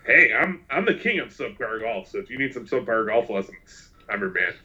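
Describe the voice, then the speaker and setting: A man's voice: medium pitch, big pitch swings, a little fast, pushed and bright, highs cut off. A man co-hosting a podcast, chatting casually in a playful, boastful way. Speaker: podcast co-host.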